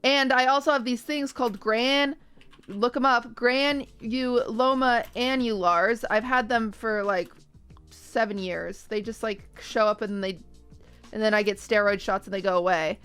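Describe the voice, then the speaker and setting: A woman's voice: fairly high pitch, a little slow, smooth, faint music behind. Chatty young woman telling a story. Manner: animated storytelling, acting out other people's lines. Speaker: streamer. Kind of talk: casual chat to stream viewers.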